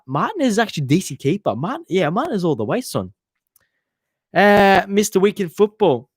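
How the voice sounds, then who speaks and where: A young man hosts a casual football livestream, reading viewer comments while he rambles and swears. His voice sits on the high side, and the studio recording is clean with no echo. Chatty and loose, he curses freely and often trails off mid-sentence.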